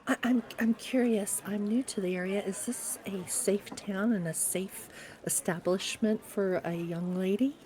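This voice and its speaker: A woman's voice: mid-range voice, unhurried, darkish tone. A woman playing in a tabletop game, speaking in character in a polite, earnest way. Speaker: player.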